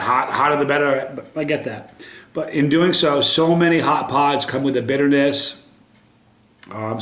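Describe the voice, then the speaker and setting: A man doing a casual pepper tasting review to camera, upbeat, with many ums and restarts. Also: fairly high pitch. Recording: roomy echo.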